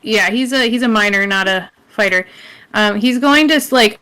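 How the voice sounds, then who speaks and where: A woman's voice: mid-range voice, bright, forceful tone. A woman narrating as game master, casual and chatty. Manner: casual, chatty, quick to laugh.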